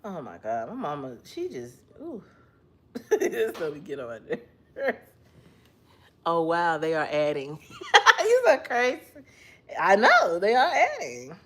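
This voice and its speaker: A woman's voice: deep voice, huge pitch swings, a little slow, pauses often. A woman hosting a casual livestream chat, sleepy and yawning, laughing often as she talks with someone beside her. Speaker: livestream host.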